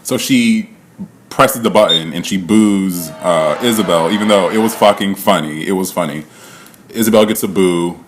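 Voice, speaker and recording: Chatty lower-voiced man recapping casually. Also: moderate pace, background noise. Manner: chatty, laughs often, swears casually, heavy use of "like". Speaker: reality show recap vlogger.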